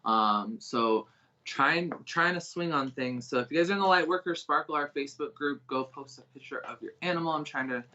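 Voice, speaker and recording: Bright-voiced man giving halting psychic readings. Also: on the high side, lo-fi sound. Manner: halting, searching, many restarts. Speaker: psychic medium reader. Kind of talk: live online psychic reading.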